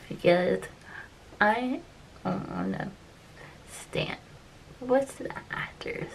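A tearful woman vlogger talks slowly and haltingly, stopping to repeat herself and often sinking into a soft whisper. Her voice has a gravelly, creaky edge. A faint background hiss sits under her voice. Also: mid-range voice, rough recording. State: upset, close to tears. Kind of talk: casual opinion vlog.

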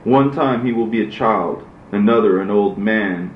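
God speaks as a stern, unhurried male judge in a low voice, as a man reads the part. The reading is measured and solemn. The recording is roomy and dull, with a faint hiss behind it. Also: lightly acted.

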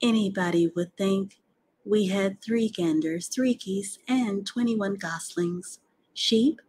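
A woman voicing a calm, clever female spider in an audiobook, speaking in a measured, gently bossy way. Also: medium pitch, breathy edge. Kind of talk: audiobook character reading.

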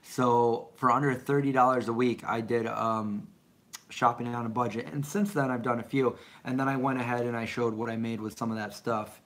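Middle-aged guy chatting away on a live stream, rambly, mid pitched, reading off chat. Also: steady tone, moderate pace, fairly bright tone. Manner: rambling, chatty, answers viewer questions. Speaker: vlogger answering live chat.

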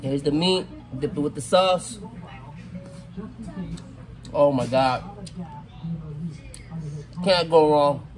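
A middle-aged man casually talking viewers through cooking crawfish outdoors, savoring the food with drawn-out mms. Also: on the high side, faint music behind. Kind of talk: casual cooking vlog talk. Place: outdoors at a campsite.

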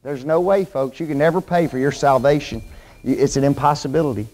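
Preacher, man, slightly high voice, folksy and animated, quizzing his Bible class. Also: brisk. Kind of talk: sermon, Bible class teaching. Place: church classroom.

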